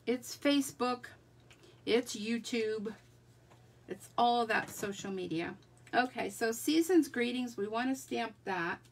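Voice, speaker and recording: A woman speaks slowly in a voice on the high side while making cards in a live demo. She keeps up a chatty stream of talk, much of it addressed to herself.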